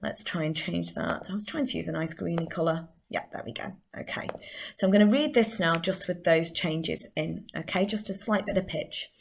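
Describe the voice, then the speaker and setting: A woman's voice: on the low side, moderate pace, gravelly, a little hiss or hum. A woman with a Northern English accent, a drama teacher giving a chatty recorded lesson and explaining step by step.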